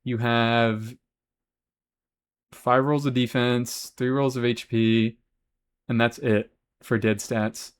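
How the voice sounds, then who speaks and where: A man's voice: mid-range voice, level tone, slow, long pauses, smooth. A man live-streaming a game, chatting casually and answering chat, swearing freely as he talks. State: has hiccups.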